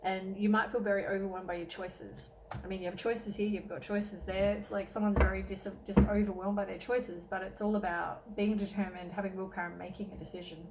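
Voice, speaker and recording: A woman's voice: mid-range voice, little pitch movement, fairly quick, hardly any pauses, background noise. A woman giving a casual tarot reading, tired and yawning, rambling with many ums and self-corrections. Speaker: tarot reader.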